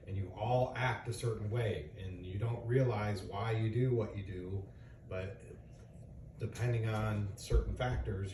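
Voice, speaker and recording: A man's voice: lowish voice, background noise. A middle-aged man, a father, earnestly explaining things to his young children in a casual talk, asking them questions and giving examples. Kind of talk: casual lecture to kids. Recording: echoey room, voice from a distance.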